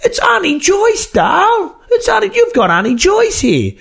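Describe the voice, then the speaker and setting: A man voicing a cheery elderly auntie answering the phone, in a high shrill voice. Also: huge pitch swings, moderate pace, gravelly, heavily acted.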